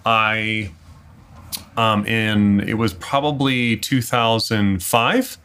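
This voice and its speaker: A man's voice: lowish voice, steady tone, takes it slowly, pushed and bright, clear, resonant tone. A man hosting a casual podcast in a room by a street, telling a rambling story with many fillers. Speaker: podcast host. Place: room next to a street window, car noise.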